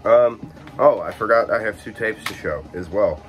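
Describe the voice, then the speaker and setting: In a very low, easygoing voice, a young man who just woke up chats about his collection. The Illinois native fills his speech with fillers and fixes himself quickly as he goes, and faint music can be heard in the background.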